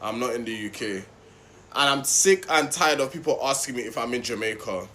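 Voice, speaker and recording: A man's voice: medium pitch, expressive, brisk, pushed and bright, slight background noise. Exasperated man ranting. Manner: exasperated, complaining. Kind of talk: casual rant to camera.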